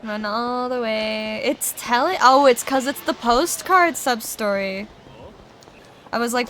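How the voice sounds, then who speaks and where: A young woman casually commenting on a game she is livestreaming, excitable and joking, swearing freely. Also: a little high, slow, slight background noise. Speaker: streamer.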